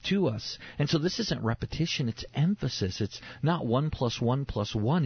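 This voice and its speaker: A man's voice: medium pitch, gravelly, breathy edge, no echo. A man teaching the Bible in a sermon style, emphatic and repeating key phrases for stress. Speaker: preacher on a faith show. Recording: dull lo-fi sound.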